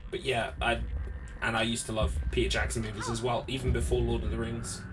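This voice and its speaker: A man's voice: medium pitch, little pitch movement, brisk, music in the background. A man streaming a speedrun, chatting casually with viewers between frustrated outbursts. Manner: chatty, talks to chat between bursts of frustration. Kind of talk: casual commentary while gaming. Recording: distant mic with clear background noise.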